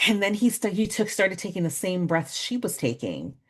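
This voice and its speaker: A woman in her forties leading a parenting workshop, talking conversationally, laughing at herself and slowly counting out breathing exercises. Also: mid-range voice, sing-song, slightly rough. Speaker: workshop facilitator. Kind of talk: guided breathing exercise and storytelling talk.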